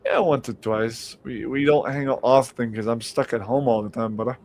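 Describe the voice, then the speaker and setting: A man casually telling stories on a live stream call, animated and swearing freely. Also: normal speed. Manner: animated, acts out quotes in a high mocking voice, swears freely. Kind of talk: casual storytelling chat. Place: home.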